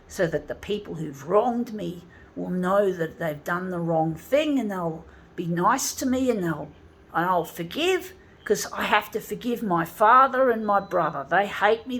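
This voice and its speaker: A woman's voice: lowish voice, a bit bright, a little hiss or hum. A woman ranting angrily to her viewers, swearing and repeatedly calling them "folks.". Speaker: vlogger. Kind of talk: ranting monologue to camera.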